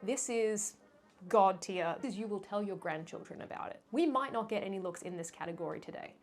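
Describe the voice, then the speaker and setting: A young woman vlogger chatting casually, playful and self-mocking, with animated asides. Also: mid-range voice, fairly quick, faint music behind. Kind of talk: casual chatty fashion ranking.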